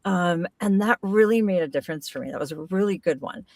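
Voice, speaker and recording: A middle-aged woman, a voice actor, talking in a casual podcast conversation, animated and playful with frequent laughs. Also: lowish voice, fast, distant mic. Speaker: voice actor guest.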